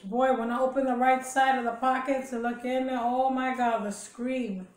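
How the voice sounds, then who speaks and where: A woman's voice: sits high, little pitch movement, normal speed. Chatty woman vlogger, echoey room. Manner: chatty storytelling with laughs and chewing sounds. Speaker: mukbang vlogger. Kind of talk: casual chat while eating.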